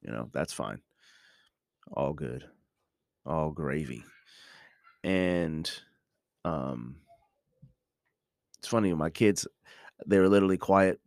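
A man's voice: extremely low pitch, expressive, slow, vocal fry, long pauses, darkish tone, no room sound, clean studio sound. A middle-aged man hosting a podcast, talking in a casual, reflective monologue full of restarts and ums. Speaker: podcast host.

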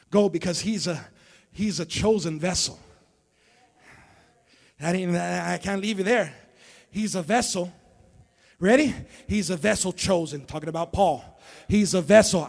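High, gravelly pastor preaching a sermon. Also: male voice, a little slow, pauses often. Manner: call-and-response preaching, dropping low then building to shouts. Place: church sanctuary before a congregation.

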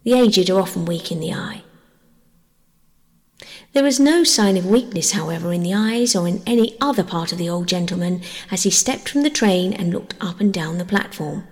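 A woman narrating a bedtime story audiobook in a gentle, measured way. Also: on the low side, animated. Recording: long hall reverb.

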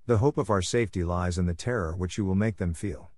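A scheming female house cat from a storybook, her words soft and persuasive, as a man reads her. The voice sits low yet eases upward when she coaxes. It is recorded close, with no room sound. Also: fast, no echo. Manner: soft, coaxing.

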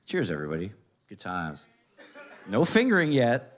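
A man doing stand-up, telling a long family story in casual, profane talk, jumping into high voices to quote his mother. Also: wildly swooping pitch, normal speed. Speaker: stand-up comedian.

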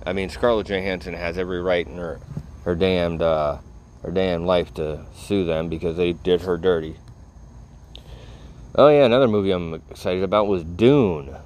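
A man's voice: low-pitched, normal speed, darkish tone, slight background noise. A tired man rambling casually to his audience, laid-back and full of profanity. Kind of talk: casual rambling talk to camera.

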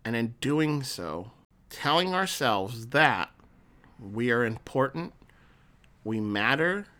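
A man's voice: medium pitch, expressive, takes it slowly, sharp tone. A man hosting a podcast alone, a counselor who talks earnestly and encouragingly to his listeners, often restarting his sentences. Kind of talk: solo podcast monologue.

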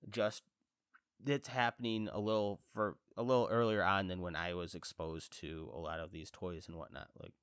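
On his own podcast, a man in his thirties chats casually in a lowish voice with a slightly congested chest, at a moderate pace and with a clean tone. He rambles, laughs at himself, and bursts into lively reactions when quoting himself. The recording is dry and close to the mic, with no room sound.

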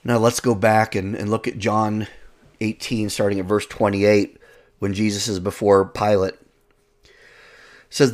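A man preaching a sermon in an earnest way, reading scripture and slowing down to stress key words. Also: fairly low pitch, level tone, darkish tone.

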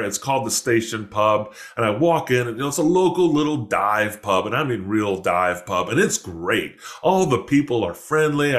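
A man in the middle of a relaxed, rambling story on his podcast, at a pitch typical of men. He corrects himself often and perks up whenever he quotes someone. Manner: rambling, self-correcting, animated when quoting people. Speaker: podcast host. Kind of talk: casual storytelling.

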